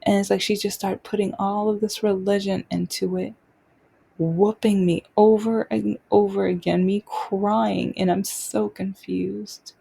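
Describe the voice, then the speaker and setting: A woman speaks in a dark, gravelly voice with a husky edge, keeping her pitch mostly flat. She talks unscripted and halting, often breaking off and restarting her sentences as she tells her own story. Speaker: podcast host sharing personal stories. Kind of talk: unscripted personal monologue.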